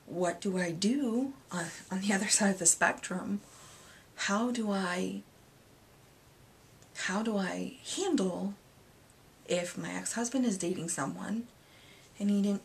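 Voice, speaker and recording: A woman's voice: mid-range voice, gravelly, slight background noise. Candid rambling woman in her thirties. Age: 30s. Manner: rambling, candid, hesitant with many fillers. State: emotional, near tears at moments. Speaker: vlogger. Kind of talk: personal confessional vlog.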